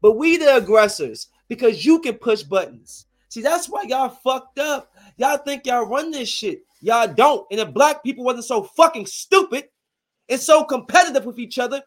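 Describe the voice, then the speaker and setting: A man's voice: very high-pitched, lively intonation, normal speed. A man in his thirties, a streamer, delivering a heated, profane, confrontational rant to his viewers. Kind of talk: angry rant to camera.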